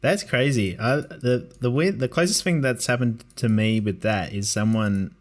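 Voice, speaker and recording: A man's voice: medium pitch, normal speed. A man hosting a casual podcast over an online call, rambling through stories and swearing freely. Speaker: podcast host. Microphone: online call mic.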